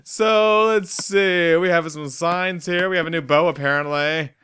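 A man's voice: fairly high pitch, a little slow, sharp tone, clear, resonant tone. A young man from North Carolina, rambling and joking through casual let's play commentary of a block-building game. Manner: rambling, jokey, talks to his game animals. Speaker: gaming host.

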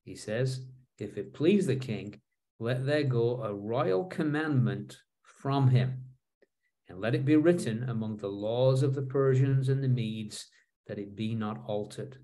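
A man giving a Bible study lesson, reading scripture verses aloud and then explaining them in a relaxed, conversational way with fillers and restarts. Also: mid-range voice, measured pace. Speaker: Bible teacher.

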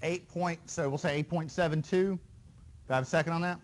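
Male university lecturer with a somewhat high voice, relaxed and chatty, keeps checking the class follows along. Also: a little fast. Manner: conversational, quizzes students with frequent "right?" and "okay?". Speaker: engineering lecturer. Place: lecture hall.

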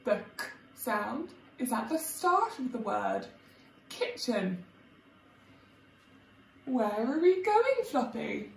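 Woman teacher, high lively sing-song voice, slow careful phonics, gravelly edge, echoey room, mic at a distance. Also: a little hiss or hum. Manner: sing-song, exaggerated sounding out of letters. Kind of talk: phonics lesson for young children.

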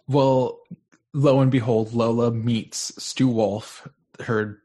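A man's voice: medium pitch, steady tone, slow, dark tone. A man co-hosting a podcast, casually recapping a film's plot in a dry, matter-of-fact way. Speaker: podcast co-host.

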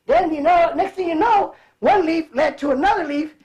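A man from Cleveland who grew up in California, a guest telling animated stories with frequent laughter. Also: very high-pitched, unhurried. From Cleveland, raised in California. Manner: animated, laughs often, acts out voices. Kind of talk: casual storytelling.

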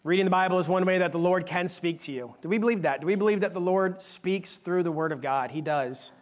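A middle-aged man preaching a sermon in church, earnest, repeating phrases and slowing down on the key words as he reads scripture. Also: high voice. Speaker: guest preacher. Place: church sanctuary.

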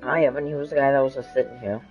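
A streamer chatting casually with friends during an online game, with a case of the hiccups and a playful, easily excited manner. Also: medium pitch, racing, phone-quality sound, music in the background. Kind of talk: casual gaming chat.

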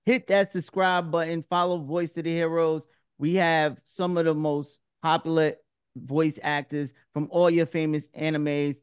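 A male podcast host asks relaxed, slangy questions in a fairly high, smooth voice. The sound is close and dry, with no room echo. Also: a little slow. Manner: laid-back, slangy questions. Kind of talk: casual podcast interview.

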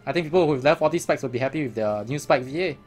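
A man's voice: mid-range voice, rapid-fire, faint music behind. A man giving casual, chatty commentary as a gaming vlogger, laughing often.

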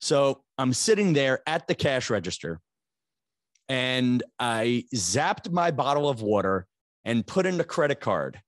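A man's voice: medium pitch, sing-song, a little slow, no echo, clean studio sound. A man, hosting a podcast and telling a rambling comic story, self-mocking and building to exasperated outbursts. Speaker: podcast host.

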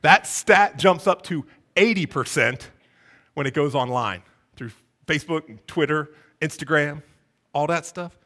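A man's voice: a little high, a little slow, pushed and bright. A man pastor preaching a sermon, asking the congregation one rhetorical question after another. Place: church sanctuary.

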